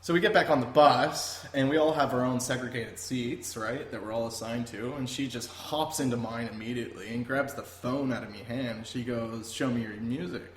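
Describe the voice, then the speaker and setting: A young man, a guest telling travel stories in an animated, rambling, self-amused way. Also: medium pitch, moderate pace, hardly any pauses. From Canada. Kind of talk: casual storytelling. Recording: echoey room, faint noise.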